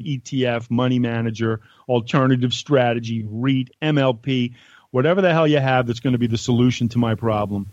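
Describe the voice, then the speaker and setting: Speaking bluntly and conversationally, this US podcast guest reads a letter he wrote aloud and chats casually via remote call. The voice sits at medium pitch, slightly mellow, with dull audio and no echo.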